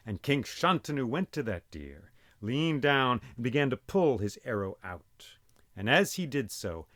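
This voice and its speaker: A man telling an old myth aloud as host, dramatic and animated, voicing sound effects as he goes. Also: mid-range voice, no echo, clean studio sound. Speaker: storyteller and podcast host. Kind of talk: oral storytelling of myth.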